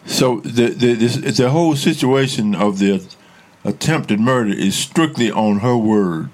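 A man hosting an interview, summarizing slowly and reacting with loud exclamations. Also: mid-range voice, animated. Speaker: interview host. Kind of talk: casual interview.

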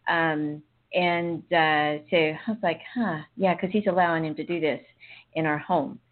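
A woman's voice: low-pitched, fairly even intonation, unhurried. A woman co-hosting a casual podcast chat, talking in a rambling, confiding way and laughing often between thoughts. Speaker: podcast co-host. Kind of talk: casual, candid conversation. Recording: tinny phone-line sound.

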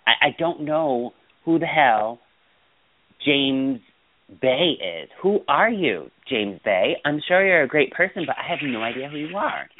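This male podcast host chats casually and gossips in an exclamatory way, his slightly high voice swinging widely in pitch at an unhurried pace. The audio is dry and sounds like a phone call.

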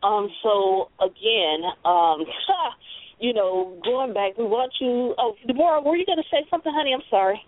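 A woman's voice: on the high side, lively intonation, moderate pace. A woman hosting a casual discussion, emphatic and blunt, with some swearing. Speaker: host. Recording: phone-like lo-fi audio.

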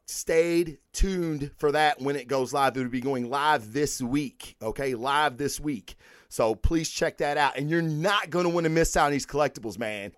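A man's voice: mid-range voice, clear, resonant tone, no echo, studio quality. A man hosting a podcast, talking casually and profanely through sponsor plugs and giveaway news in emphatic bursts. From United States. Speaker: podcast host.

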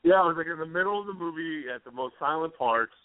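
A man's voice: fairly high pitch, expressive, quick pace, dry recording. A man co-hosting a radio show, chatting casually in a rambling way with lots of fillers. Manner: rambling, hesitant, full of fillers. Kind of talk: casual chat. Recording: tinny phone-like sound.

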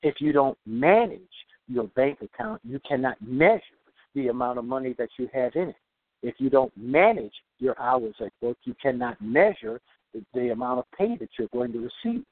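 A man's voice: medium pitch, lively intonation, dry recording. Emphatic man on a tinny line. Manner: emphatic, repeats key phrases slowly for note-taking. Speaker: podcast host and self-improvement speaker. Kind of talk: motivational podcast talk. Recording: tinny phone-like recording.

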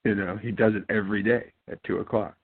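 A man's voice: lowish voice, steady tone, fast, husky. A man from Ohio hosting a casual talk show, mumbling and rambling with many fillers and restarts. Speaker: podcast host. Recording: tinny phone-like sound.

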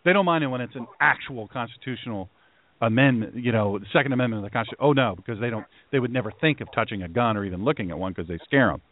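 A man hosting a political talk show, ranting in heated, animated bursts and mocking others. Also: mid-range voice, racing. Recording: tinny phone-like line.

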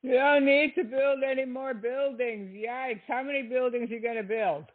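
A man's voice: extremely high pitch, fairly even intonation, normal speed, a little hiss or hum. A man giving critical commentary in an exasperated, sarcastic manner. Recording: tinny lo-fi audio.

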